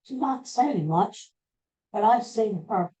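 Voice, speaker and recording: A man slowly retelling a personal story in a rambling, halting way, with frequent restarts. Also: sits high, animated, warm tone, poor audio.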